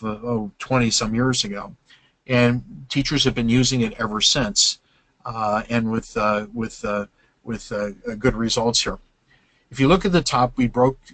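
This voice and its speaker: An older man explains things to teachers in a webinar, patient and halting, often stopping on "uh" and starting over. His voice sits at an ordinary middle pitch. The recording is dry and close, with no room sound. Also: fairly bright tone, no room sound, poor audio. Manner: explanatory, many "uh" fillers and restarts. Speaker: webinar presenter.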